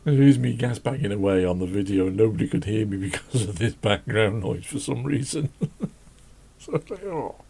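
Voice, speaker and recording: A man hosting a drawing channel, chatting casually and rambling as he draws, self-deprecating and laughing often, with a croaky voice. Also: lowish voice, expressive, a little fast, warm tone. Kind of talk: casual chat while drawing. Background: faint classical music.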